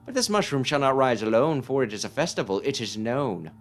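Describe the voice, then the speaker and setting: A man voicing an eccentric old mushroom mystic, speaking in a high, drawn-out, sing-song way. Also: big pitch swings, slight background noise.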